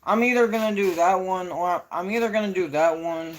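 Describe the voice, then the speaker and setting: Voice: mid-range voice, brisk. A young adult live streamer chatting casually, rambling and correcting themself often, with frequent swearing. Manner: rambling, self-correcting, profane.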